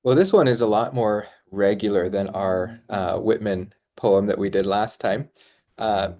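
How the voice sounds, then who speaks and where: Male podcast co-host, lowish voice, measured and reflective literary talk. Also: a little mellow. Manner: thoughtful, explanatory, frequent ums. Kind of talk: literary discussion.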